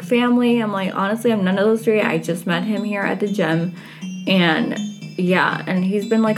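A young woman casually telling a personal story, chatty, full of "like" and quoting what people said. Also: medium pitch. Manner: chatty, heavy use of "like", quotes herself and others. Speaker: storyteller recounting a date. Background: music.

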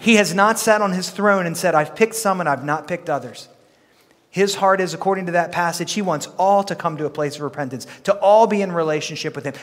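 A man preaching a sermon as pastor, talking to his congregation in a playful, conversational way. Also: high-pitched. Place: church sanctuary. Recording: long reverb of a church hall.

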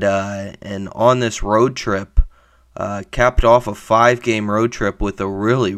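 A man hosting a casual sports reaction podcast, slightly hoarse from a sore throat, rambling with many fillers and self-corrections and enthusiastic about his team. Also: medium pitch, a bit bright. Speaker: podcast host.

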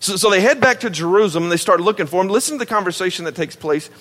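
Animated Southern preacher man in a hall. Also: high voice, rapid-fire. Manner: animated, emphatic, conversational preaching. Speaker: pastor. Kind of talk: sermon.

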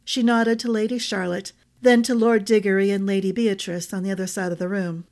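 Woman storyteller; steady, expressive fantasy narration. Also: mid-range voice, a little fast, few pauses. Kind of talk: audiobook narration.

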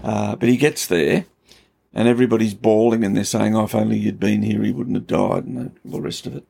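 In conversational Bible teaching, this pastor tells stories in an earnest, emphatic way that builds in intensity. He speaks a little fast in a fairly low, gravelly voice with a dark tone.

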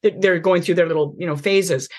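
A woman's voice: lowish voice, steady tone, brisk, a little mellow. A middle-aged woman hosting a podcast, talking earnestly about faith and parenting with many restarts and tag questions. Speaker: podcast host. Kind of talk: conversational advice on faith and parenting.

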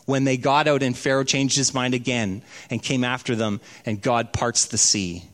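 A man preaching a sermon, telling stories and slowing down for emphasis. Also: medium pitch, fairly even intonation, fairly bright tone. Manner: storytelling, slows down for emphasis. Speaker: pastor.

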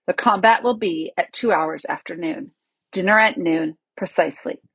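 Lady doing a grave calm young king, husky breathy voice. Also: lowish voice, no echo, full character voice. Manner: grave, measured. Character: young noble male high king.

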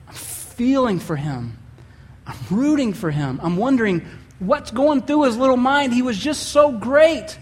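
A man's voice: sits high, long reverb tail, slight background noise. A man preaching a sermon as pastor, telling a story and acting out the voices he quotes.

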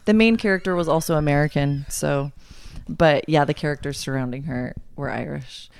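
A woman's voice: low voice, moderate pace, gravelly, darkish tone, clear, resonant tone. A woman hosting a podcast, chatting casually with family and laughing often. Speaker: podcast host. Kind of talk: casual chat.

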